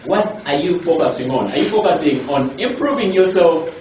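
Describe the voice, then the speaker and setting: Male life coach addressing trainees; emphatic, rhetorical, repetitive; somewhat high voice, recorded from a distance in a faintly noisy, echoey room. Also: lively intonation, moderate pace, a little mellow. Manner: emphatic, repeats key lines, rhetorical questions. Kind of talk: motivational talk to a group.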